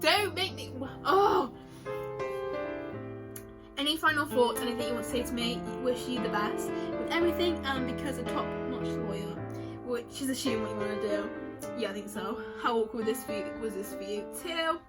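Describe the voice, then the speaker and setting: A woman's voice: fairly high pitch, loud music behind the voice. A young woman vlogging in a rambling, chatty way, reading out answers and getting emotional easily. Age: young adult. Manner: chatty, rambling, quick to tear up. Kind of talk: casual vlog chat reading answers aloud.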